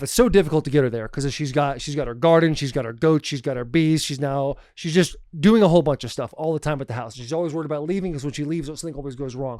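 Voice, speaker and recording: A man hosting a podcast, telling a family travel story in a loose, animated way and often calling people "dude". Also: fairly high pitch, no room sound, studio quality. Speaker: podcast host. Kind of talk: casual storytelling chat.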